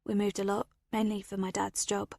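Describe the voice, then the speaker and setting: A woman voicing a calm, clever teenage girl. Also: mid-range voice, brisk, creaky, dry recording, clean studio sound.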